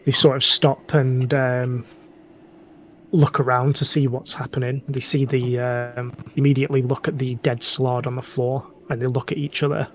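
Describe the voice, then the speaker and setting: A man's voice: mid-range voice, little pitch movement, normal speed, slight background noise. A man, narrating a tabletop game as dungeon master with many ums and restarts.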